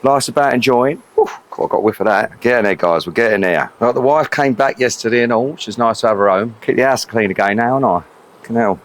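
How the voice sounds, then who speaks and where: A middle-aged man hosts a casual cooking vlog outdoors at a grill, chatty, cheeky and swearing a lot. He speaks fairly quickly at a medium pitch.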